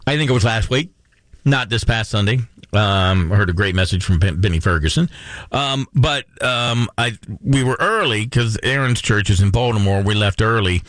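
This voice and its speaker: A man's voice: on the low side, normal speed, fairly bright tone, no room sound. A middle-aged man hosting a radio show, talking casually in a chatty, rambling way with lots of fillers. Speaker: radio host.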